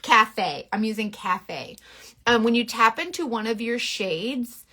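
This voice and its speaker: A makeup influencer with a bright, twangy voice pitched a touch high walks through a tutorial on camera. Her intonation is lively, and she's frank and playfully bossy, dropping quick asides along the way.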